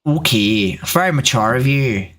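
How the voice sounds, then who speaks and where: A woman's voice: rumbling low, expressive, a little slow. A woman streaming from home in casual live-stream chat, talking to herself between strangers and swearing freely. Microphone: desk microphone.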